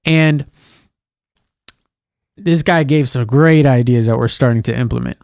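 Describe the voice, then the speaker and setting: A man's voice: medium pitch, measured pace, dry recording, clean studio sound. A man in his thirties co-hosting a podcast, chatting casually and animatedly about parenting. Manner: animated, acts out scolding a child in a raised voice. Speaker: podcast co-host. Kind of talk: casual chat.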